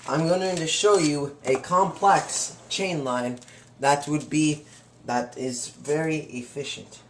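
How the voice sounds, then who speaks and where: A man's voice: a little high, slow, a little hiss or hum. A young man clowning through a home cooking demonstration in a playful, boastful, chatty way, as if hosting a comic cooking show. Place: home kitchen. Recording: roomy kitchen with clattering dishes. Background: faint clatter of cutlery and pans.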